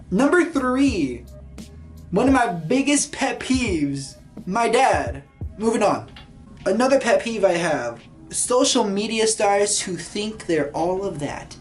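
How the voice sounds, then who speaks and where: A woman vlogging to her camera in casual chat. She is animated and sassy, and swings between loud bursts and quiet asides. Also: sits low.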